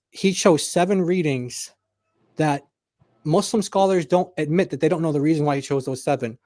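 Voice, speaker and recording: A man co-hosting a live online debate, explaining in a halting way and often repeating his words. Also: fairly high pitch, darkish tone, no room sound, clean studio sound. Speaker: co-host in a debate stream.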